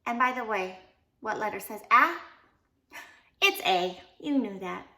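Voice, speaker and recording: A young woman teaching young children phonics in a playful, animated sing-along lesson, singing short song lines between sounds. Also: medium pitch, measured pace.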